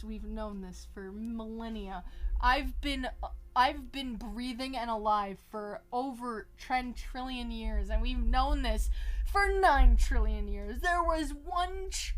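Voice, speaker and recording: A woman streaming a game live who reads text aloud and breaks into excitable, sweary rants. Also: a little high. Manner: excitable, swearing, laughing outbursts.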